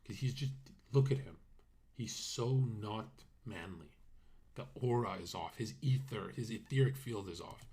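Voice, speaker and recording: A husky-voiced young man talking loosely on a livestream. He is brash and profane and laughs through his stories. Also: lowish voice, unhurried, warm tone. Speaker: streamer and host. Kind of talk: casual livestream commentary.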